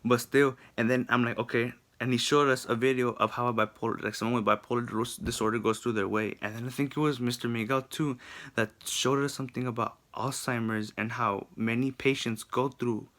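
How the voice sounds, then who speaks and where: A young male student talking straight to the camera in an informal video response. His voice sits at an ordinary middle pitch, and he rants in a frustrated, animated way, piling up "like" and restarting his sentences. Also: fairly quick. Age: young adult. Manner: animated, frustrated ranting with lots of "like". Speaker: psychology student. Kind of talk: casual ranting video response.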